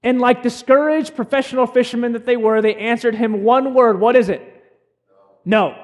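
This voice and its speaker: A young male pastor delivers a sermon in a high-pitched voice. He talks in an earnest, conversational way, pausing and restarting as he goes. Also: steady tone. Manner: earnest, conversational preaching with many pauses and restarts.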